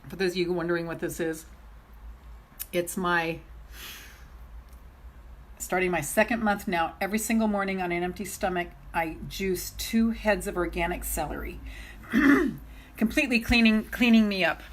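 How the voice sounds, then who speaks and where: Her voice is on the low side, with normal speed and long pauses, as this middle-aged self-love coach talks casually to her live-stream viewers. She gushes excitably, laughing often while addressing them directly.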